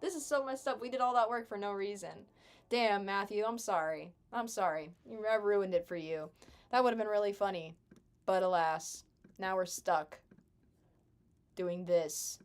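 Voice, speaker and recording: A woman's voice: medium pitch, moderate pace. A young adult woman chatting casually with her live stream chat while gaming, sarcastic and chatty.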